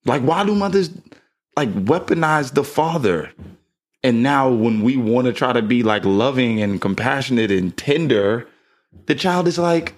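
A man's voice: mid-range voice, a little slow. A man co-hosting a podcast, musing in a casual chat and often tagging thoughts with "right?". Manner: relaxed, musing, with frequent "like" and "right?" tags. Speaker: podcast co-host, father.

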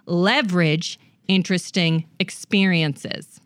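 A woman's voice: lowish voice, slow, fairly bright tone, dry recording. A woman hosting a comedic dating advice show, coaching a guest in a brash, bossy way. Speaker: host.

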